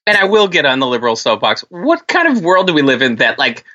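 A man's voice: on the high side, quick pace, highs cut off. A man co-hosting a podcast, telling stories in casual chat and acting out the voices of the people in them. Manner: animated, swears, acts out voices in stories. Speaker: podcast co-host.

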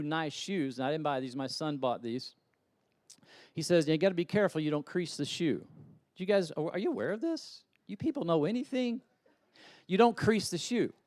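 A middle-aged man, a pastor, preaching a sermon in a church, swinging from loud, urgent appeals to quiet, conversational storytelling. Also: on the high side, no room sound, clean studio sound. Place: church sanctuary.

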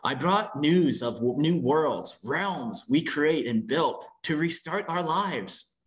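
A man playing a glorious warrior-god who keeps his composure even while being scolded. He speaks formally and earnestly, pleading his case. The voice lifts a little above the reader's everyday pitch. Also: takes it slowly, a little hiss or hum. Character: godlike male warrior-king, calm and earnest.

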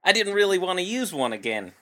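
A man doing an Australian accent to voice a young Australian man, speaking higher and louder than his own voice. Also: very animated, fast. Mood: matter-of-fact. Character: young Australian man, blunt and matter-of-fact. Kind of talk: comedic impression in podcast banter.

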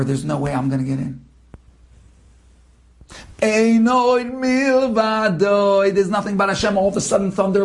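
High, gravelly dramatic storyteller man. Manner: dramatic, building to emotional peaks. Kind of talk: inspirational story retelling.

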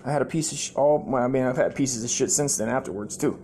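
A man's voice: medium pitch, fast talker, few pauses, slight background noise. Rambling, profane man telling a story. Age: adult, former sailor. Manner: profane, rambling, animated quoted voices. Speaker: comedy podcast host.

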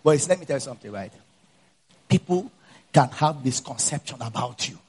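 Expressive and fairly quick, with a breathy edge, a pastor with a Nigerian accent works a personal story into his sermon. He drops low for asides and rises loudly to preach.

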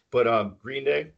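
A man's voice: medium pitch, gravelly, a bit bright, lo-fi sound. A man co-hosting a podcast in casual chat, rambling and opinionated, laughing often. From central New York. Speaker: podcast co-host.

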